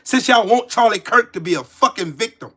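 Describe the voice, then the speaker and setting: Forties male streamer, heated and cursing, raised pitch, sharp edgy tone. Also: fairly quick, breathy edge. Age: 40s. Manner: profane, heated, repetitive. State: pissed off with a headache. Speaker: political commentary streamer. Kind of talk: angry ranting commentary.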